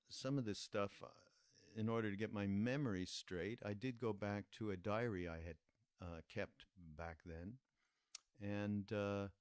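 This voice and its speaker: An older man hosting a podcast, recalling a story in an unhurried, reflective way and pausing often with fillers. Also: low voice, darkish tone, dry recording. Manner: unhurried, halting with many fillers. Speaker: podcast host.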